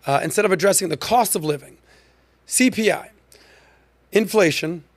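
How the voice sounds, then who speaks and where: A man hosting a podcast, giving punchy, animated commentary and leaning hard on key words. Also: high voice, moderate pace, no room sound. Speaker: podcast host.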